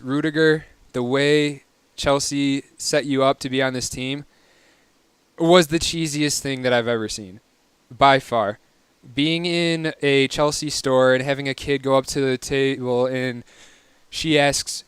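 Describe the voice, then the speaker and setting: A man's voice: mid-range voice, steady tone, a little slow, clear, resonant tone, no echo. A young man hosting a casual solo soccer recap, chatty, wry and opinionated. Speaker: podcast host.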